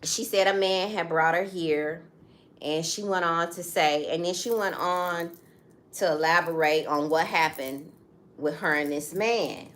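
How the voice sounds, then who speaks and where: A woman's voice: on the low side, measured pace, a bit bright. A middle-aged woman co-hosting a casual talk show, telling a story emphatically and turning to the audience with direct asides. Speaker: co-host. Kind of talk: casual chat.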